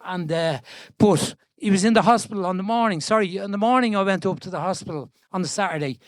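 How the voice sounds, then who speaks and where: A man in his seventies with a Dublin Irish accent, telling stories in an animated, chatty way as the guest in an on-stage conversation. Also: sits high, fast, dry recording. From Ireland. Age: 70s. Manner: chatty, animated storyteller with frequent restarts and laughs. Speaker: guest being interviewed. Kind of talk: storytelling conversation. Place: event stage before an audience.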